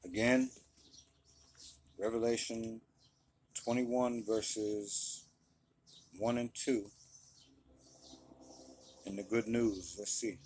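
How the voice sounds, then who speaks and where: A man's voice: on the low side, fairly even intonation, extremely slow, pauses often, darkish tone, a little hiss or hum. A man leading a casual Bible study, reading scripture aloud and then explaining it in loose, conversational talk, often checking in with his listeners. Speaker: Bible teacher.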